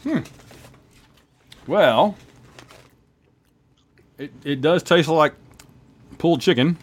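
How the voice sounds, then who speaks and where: A man's voice: on the high side, animated, extremely slow, slight background noise. A man co-hosting a casual sports chat, playful and joking. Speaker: podcast co-host.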